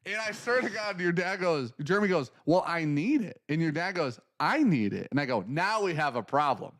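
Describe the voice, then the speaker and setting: A man co-hosting a casual talk stream, animated and acting out the people in his stories. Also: fairly high pitch, normal speed, dry recording, clean studio sound. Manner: animated storyteller, acts out quotes. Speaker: podcast co-host. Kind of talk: casual chat.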